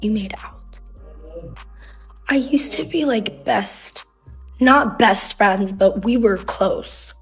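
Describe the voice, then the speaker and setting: A woman's voice: medium pitch, slow pace, slightly rough, soft background music. A young woman telling a personal story in a casual, rambling way, dropping "like" constantly as she relives the drama. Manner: rambling, heavy use of "like", emotional retelling.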